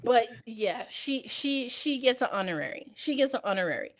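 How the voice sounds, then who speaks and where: A woman with a New York accent and a high voice co-hosts a casual show. Her talk is playful and full of slang. She stays animated as she riffs. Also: moderate pace. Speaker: podcast co-host. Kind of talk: casual chat.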